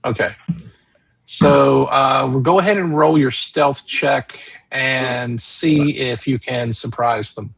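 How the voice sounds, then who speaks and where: A man running a tabletop role-playing session as game master, narrating scenes steadily and pausing to check the rules. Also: mid-range voice, vocal fry, fairly bright tone, slightly rough, low-quality recording.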